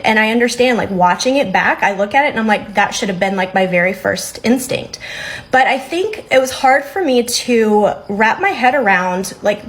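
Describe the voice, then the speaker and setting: A woman's voice: a little high, slight background noise, low-quality recording. A young adult woman telling a story to her phone camera in a chatty, rambling way. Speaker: storyteller recounting a date.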